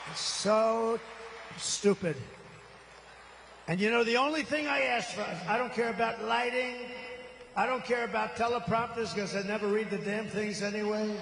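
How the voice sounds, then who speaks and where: A man in his seventies, a political candidate, rambles through a campaign rally speech in a large venue, boastful and off-the-cuff. His voice is high-pitched and gravelly at a normal speed, picked up by a stage microphone with a long reverb tail and background noise.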